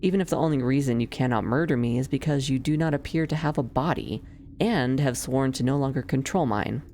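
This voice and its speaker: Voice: mid-range voice, a little fast, a little mellow, slight background noise, close to an everyday voice. A streamer reading the lines of a sardonic young noblewoman villainess from a game, in dry, formal phrasing. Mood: wry. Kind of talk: reading game dialogue aloud.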